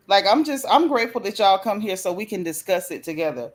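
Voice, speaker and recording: A woman hosting a casual gossip chat, speaking in a relaxed, encouraging way. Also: medium pitch, fast. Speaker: host.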